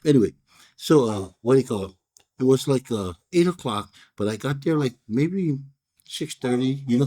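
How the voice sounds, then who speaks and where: A man's voice: fairly low pitch, a little mellow. Laid-back man with a Hawaiian pidgin accent. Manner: rambling, laid-back storytelling with many fillers and restarts. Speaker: cigar reviewer and storyteller. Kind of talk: casual chat.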